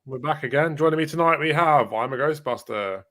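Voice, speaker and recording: A man's voice: on the high side, brisk, a bit bright. A man hosting a gaming podcast, joking crudely and bantering with his panel. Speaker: podcast host. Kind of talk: casual chat.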